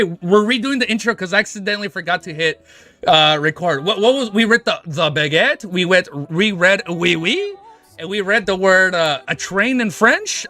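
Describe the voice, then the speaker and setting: A man hosting a casual livestream, chatting in an excitable, rambling way and swearing freely. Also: high voice. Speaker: livestream host. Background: faint background music.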